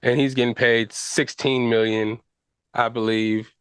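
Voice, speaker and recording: A man's voice: mid-range voice, level tone, unhurried, fairly bright tone, clean tone, no echo. A man hosting a podcast, talking football casually in slang with fillers and restarts. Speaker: podcast host. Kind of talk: casual sports chat.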